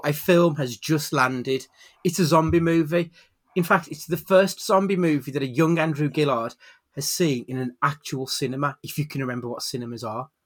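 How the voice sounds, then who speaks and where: Joking man hosting a podcast. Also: a little high. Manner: jokey, swearing, dramatic build-up when introducing. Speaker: podcast host. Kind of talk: casual podcast chat. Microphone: webcam.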